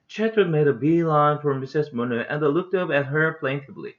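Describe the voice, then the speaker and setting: A man's voice: a little high, fairly quick. A man with a Korean accent, a father reading an English children's book aloud at home, carefully and steadily, lightly voicing the characters. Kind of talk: storybook read-aloud. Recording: dull lo-fi home recording.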